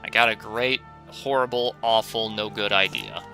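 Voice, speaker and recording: A man's voice: lowish voice, steady tone, normal speed, music in the background. A man hosting a gaming video, giving rambling, wry commentary with jokey asides as he plays. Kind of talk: casual let's-play commentary.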